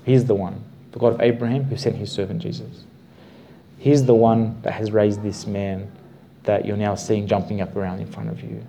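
A man teaching a Bible class, explaining the passage with slow, emphatic stresses and repeated words. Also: lowish voice, little pitch movement, creaky, mellow, a little hiss or hum.

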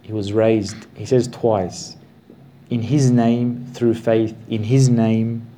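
Mellow-voiced man teaching Bible study. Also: on the low side, flat delivery, a little hiss or hum. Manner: slow, emphatic stresses with repetitions.

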